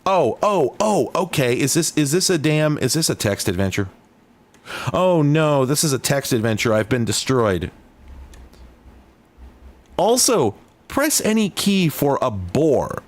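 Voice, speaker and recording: A man's voice: fairly high pitch, big pitch swings, unhurried, long pauses. A man hosting a casual video, talking to himself as he plays old computer games, rambling and sardonic, often cutting himself off mid-sentence. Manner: rambling, sardonic, self-interrupting. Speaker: host. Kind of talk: casual commentary while playing retro games.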